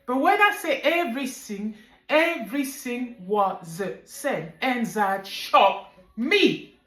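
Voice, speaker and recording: A woman who runs an online business, telling her own story in a vlog with animated, emphatic delivery. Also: on the high side, takes it slowly, echoey room, soft background music, poor audio.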